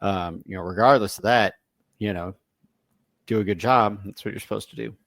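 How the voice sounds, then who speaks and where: A man's voice: on the low side, moderate pace, fairly bright tone, no echo. A man co-hosting a podcast, chatting casually about films and agreeing along with short replies. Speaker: podcast co-host. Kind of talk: casual film chat.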